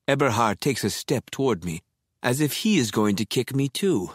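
A man narrating an audiobook in first person with slow, deliberate reading. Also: mid-range voice, lively intonation, slightly rough, no room sound, clean studio sound.

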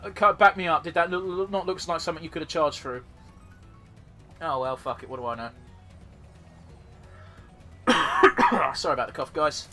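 A man's voice: on the high side, steady tone, normal speed, long pauses, bright, forceful tone, faint music behind. A man casually commentating his own gameplay as a let's play host, rambling and swearing freely.

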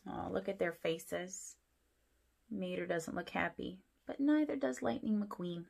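A woman's voice: on the low side, unhurried, creaky. A woman pastor reading a picture book aloud to children, with friendly asides and questions. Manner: animated storytelling, asides to kids.

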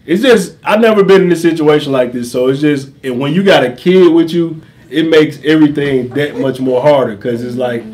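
A young man in casual storytime chat, relaxed and conversational, asking questions. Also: fairly high pitch, moderate pace. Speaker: vlogger, father.

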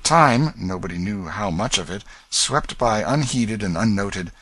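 A man reading a classic novel aloud as an audiobook narrator, in a steady storytelling manner. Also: fairly low pitch, measured pace, husky, no echo.

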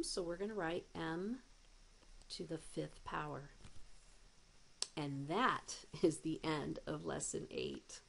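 A woman teaching math in an unhurried, measured way, counting things out one at a time. Her voice sits a little low and carries a gravelly edge. She drops in light jokes as she explains. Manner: slow, deliberate explaining with playful asides. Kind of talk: recorded demo math lesson.

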